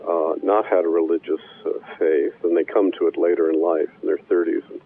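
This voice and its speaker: A man from Wisconsin, a professor and minister, answering interview questions in a measured way with many pauses and fillers. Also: sits low, level tone, creaky, slight background noise. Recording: phone-line radio call.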